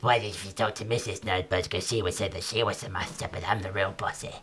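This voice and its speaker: A man's voice: low-pitched, fairly even intonation, fast talker, a bit bright, slight background noise. A man voicing a shifty, scheming goblin shopkeeper in a tabletop game, stammering and repeating himself. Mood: flattering.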